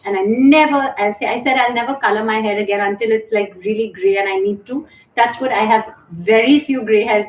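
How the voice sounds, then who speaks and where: A middle-aged woman hosting a live stream, chatting candidly and thanking viewers as she reads their comments aloud. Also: medium pitch. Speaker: show host and yoga instructor. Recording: echoey room.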